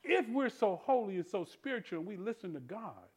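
A male pastor preaching a sermon in church, calling out to the congregation and swinging between hushed tender asides and shouted refrains. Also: high-pitched, big pitch swings, fairly quick, slightly rough. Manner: preaching with call-and-response, rising to shouts; drops to soft tender voice for quoted lines.

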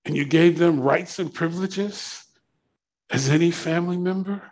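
A man preaching a sermon, climbing into shouts and asking the congregation to finish the verses. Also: fairly high pitch, moderate pace. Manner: preaching with rising shouts and call-and-response questions. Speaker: pastor.

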